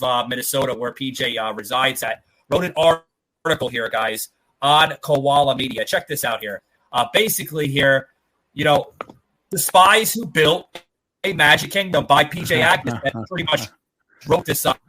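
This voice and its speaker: A man hosting a podcast, talking loosely and rambling, full of "uh" and "you know". His voice is bright and forward, with a middle pitch. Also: rough recording. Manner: rambling, heavy with fillers and swearing. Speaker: podcast host. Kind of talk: casual podcast chat.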